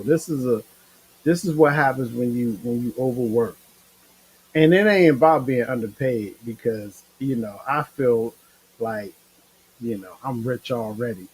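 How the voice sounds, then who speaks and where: A man's voice: mid-range voice, measured pace, slightly rough, poor audio. A tired man hosting a casual live-stream chat, rambling in a laid-back, slangy way with lots of fillers. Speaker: show host.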